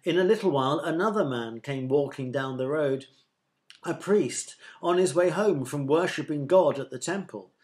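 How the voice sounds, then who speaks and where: Jesus, a man voicing a calm teacher. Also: a little high, normal speed, natural voice. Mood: storytelling. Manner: gentle, firm storytelling. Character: kindly calm male storyteller teacher Jesus.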